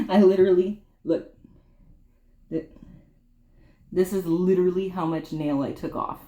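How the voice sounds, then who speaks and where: A woman's voice: lowish voice, fairly even intonation, measured pace, pauses often, mellow. A woman casually chatting while grooming her dogs at home, teasing the dog and talking to viewers, sweaty from the work. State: sweaty from the effort. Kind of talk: casual chat while working. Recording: echoey room with faint clipper hum.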